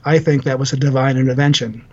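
This physician and author, a man in his sixties, is a guest on a podcast, telling earnest stories at a quick clip. His medium-pitched voice stays fairly even, he repeats words often, and the audio sounds dull.

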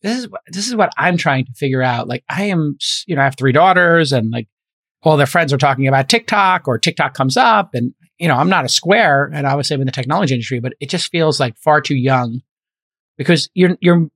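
A man's voice: a little high, expressive, fairly quick, fairly bright tone, slightly rough, dry recording. A middle-aged man hosting a podcast, chatting casually and thinking aloud with plenty of fillers. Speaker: podcast host.

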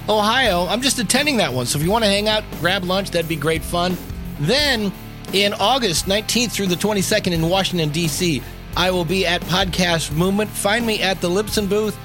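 Man, podcast host, brisk announcements, high pitch, music underneath. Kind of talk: show announcements.

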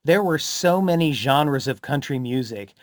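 A man's voice: mid-range voice, animated, unhurried, no echo, clean studio sound. A man co-hosting a casual chat, explaining history in an informative way and introducing songs. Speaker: co-host.

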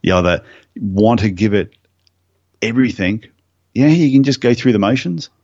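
A man's voice: lowish voice, moderate pace, no room sound, highs cut off. A man who is a podiatrist, guest on an interview podcast, telling anecdotes in a casual way. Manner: storytelling, animated anecdotes.

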